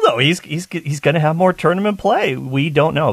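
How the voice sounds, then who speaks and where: A man's voice: medium pitch, lively intonation, quick pace, few pauses, no echo. Enthusiastic male talk radio host. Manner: enthusiastic, chatty. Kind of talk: casual talk radio chat.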